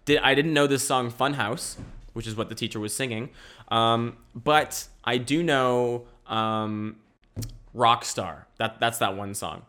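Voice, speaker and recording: A man's voice: mid-range voice, unhurried, sharp tone. A young man hosting a casual solo podcast from home, rambling with restarts and swearing. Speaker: podcast host. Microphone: camera mic.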